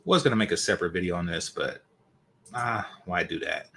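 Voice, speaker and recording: A man's voice: low voice, expressive, a little fast, creaky, pushed and bright, slight background noise. A man hosting a reaction channel, giving opinionated commentary with emphatic repetitions. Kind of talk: commentary on a video.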